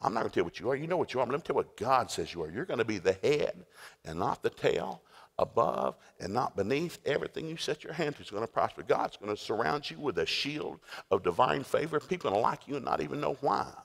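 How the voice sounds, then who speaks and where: A man's voice: medium pitch, sing-song, fast, creaky, slightly rough. A man preaching a sermon in a folksy, storytelling way. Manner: folksy storytelling, acts out scenes. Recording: echoey hall with long reverb.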